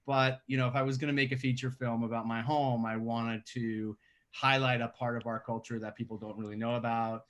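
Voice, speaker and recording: A man's voice: mid-range voice, brisk. New man, thirties, podcast guest, conversational storyteller. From Staten Island, New York. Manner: conversational, animated when telling stories. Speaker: guest filmmaker. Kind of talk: podcast interview over a call.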